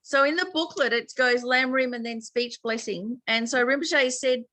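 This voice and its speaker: A woman's voice: high voice, moderate pace, sharp tone, no echo. An Australian woman teaching a chatty online meditation class, laughing often as she explains.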